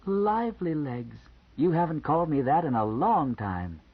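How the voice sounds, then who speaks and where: A flirty, teasing woman, voiced by a male audiobook reader, with a lively, bouncing delivery and a slightly husky tone. The sound is a little muffled and lo-fi, as in a home-made audiobook recording. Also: a little high, moderate pace, pitched above the performer's own voice, full character voice. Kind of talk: audiobook character voice.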